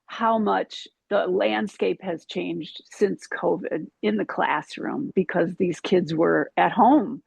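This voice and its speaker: A yoga teacher talking slowly in a casual spiritual chat, halting with many ums and restarts. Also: female voice, lowish voice, vocal fry, darkish tone, slightly rough, no echo.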